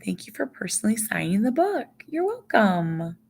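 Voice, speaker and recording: A woman's voice: mid-range voice, sing-song, normal speed, creaky, few pauses, a little mellow, husky. A middle-aged woman hosting a casual live stream, rambling chattily and reading out viewer comments as she goes.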